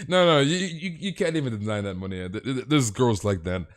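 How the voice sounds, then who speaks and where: A young man talks casually to his stream audience from a home gaming setup. He rambles, stumbles over repeated words and tacks "dude" onto almost everything. His voice sits at an ordinary middle pitch. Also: animated, a little fast, faint music behind. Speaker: game streamer. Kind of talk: casual chat with stream viewers.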